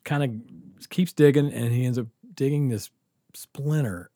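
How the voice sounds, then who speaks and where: A man tells a story from his own life in a casual podcast chat. He acts out each person in it, drops to a near whisper, then rises into loud laughing bursts. The sound is dry and close to the mic. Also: mid-range voice, unhurried, no room sound. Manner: animated, acts out quotes, laughs often. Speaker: guest storyteller.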